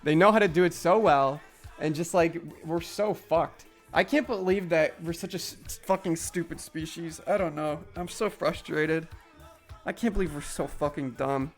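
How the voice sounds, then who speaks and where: High-voiced young man ranting on stream. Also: normal speed, soft background music. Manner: frustrated ranting, heavy swearing, many "like" fillers. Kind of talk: casual live-stream chat while gaming.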